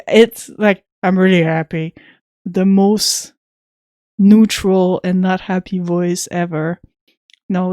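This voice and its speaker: A woman's voice: fairly low pitch, darkish tone, no echo, clean studio sound. A woman chatting casually with viewers while streaming an old computer game, reading its text aloud now and then.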